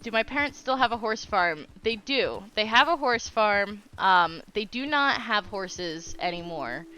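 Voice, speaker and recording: A woman's voice: medium pitch, lively intonation, unhurried, sharp tone, clean tone. A young woman chatting casually while streaming a game, telling stories and laughing often. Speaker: live streamer.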